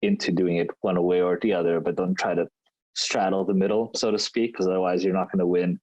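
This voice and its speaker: A man with a fairly low voice, co-hosting a casual review podcast. He rambles loosely, restarting his sentences as he thinks aloud. The sound is close and dry, with no room around it. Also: a little fast, no echo, dull audio. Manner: relaxed, rambling, with frequent restarts. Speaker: podcast co-host.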